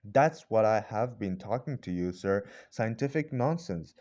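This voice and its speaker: A man's voice: lowish voice, expressive, a little slow, a little mellow. A man reading a storybook role of an arrogant, short-tempered older male professor who talks with roaring, brutal bluntness. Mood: scornful.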